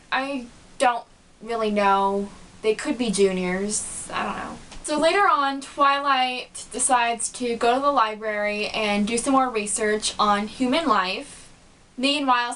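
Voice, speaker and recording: A woman's voice: a little high, sharp tone, poor audio. A woman giving a casual, chatty movie review on her vlog, filling her talk with "like" and acting out the characters. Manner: chatty, lots of "like", acts out the characters.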